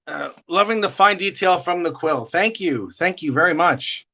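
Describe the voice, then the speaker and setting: A man's voice: sits high, animated, normal speed, pushed and bright. A man livestreaming his drawing, chatting casually in a rambling, jokey way and often correcting himself. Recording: dull lo-fi stream audio.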